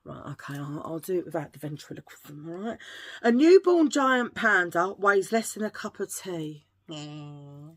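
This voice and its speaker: A beauty vlogger speaks to camera in an unhurried, sing-song way, her voice fairly low. The chat is casual and chatty, drifting into rambling asides and cheesy jokes.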